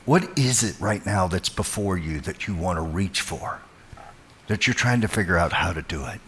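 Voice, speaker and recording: Low-voiced middle-aged man preaching. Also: expressive, normal speed, a little hiss or hum. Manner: warm, chatty, greets people by name. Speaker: guest speaker. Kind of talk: motivational church talk.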